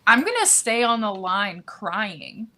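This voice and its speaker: Woman player in a tabletop game, slow drawly talk, bright sharp tone, kinda high. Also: big pitch swings. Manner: slow, drawn-out, laughs between lines.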